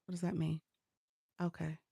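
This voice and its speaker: A woman's voice: deep voice, completely flat delivery, normal speed, creaky, dark tone, breathy edge, dry recording, clean studio sound. A woman coach chatting with viewers on a live stream, laughing often and greeting people by name, speaking into a phone. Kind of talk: casual TikTok live chat.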